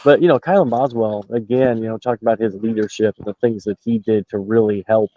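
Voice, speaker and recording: On a dull, lo-fi call with a dry sound, a basketball reporter talks a little fast in a low, steady, mellow voice. Calling from the arena just after leaving the locker room, he offers rambling postgame analysis crowded with fillers and restarts.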